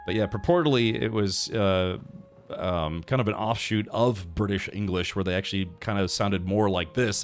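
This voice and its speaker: An American gamer with a low voice talks at a moderate pace on his livestream. He rambles casually, thinks out loud through fillers and restarts, and reads out chat messages and quest text.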